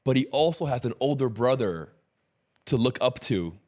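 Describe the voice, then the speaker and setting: Mid-pitched man hosting a podcast. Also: normal speed. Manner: frequent short affirmations, relaxed anecdote telling. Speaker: podcast host. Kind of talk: casual interview chat.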